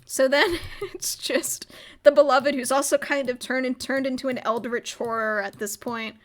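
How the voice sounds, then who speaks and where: Young woman streamer, rambling recap, giggly, slightly high voice. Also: steady tone, moderate pace. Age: young adult. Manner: rambling, giggly, lots of filler "like". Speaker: streamer recapping a roleplay server. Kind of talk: casual livestream chat.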